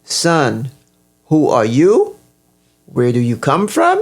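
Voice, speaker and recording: A woman voicing a kindly old man with a long white beard, asking slow, gentle questions in a storybook reading. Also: extremely low pitch, wildly swooping pitch, faint music behind, pitched below the performer's own voice, heavily acted. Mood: curious.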